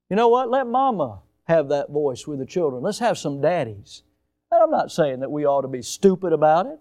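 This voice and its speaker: A male pastor preaching a sermon with emphatic swings in loudness and pace, now and then putting on mocking high voices. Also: very animated, moderate pace.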